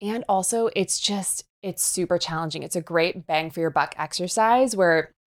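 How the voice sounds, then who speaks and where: A woman's voice: fairly low pitch, normal speed. A woman fitness trainer, a young adult, explaining exercises as a guest in a podcast interview, upbeat and coaching in tone.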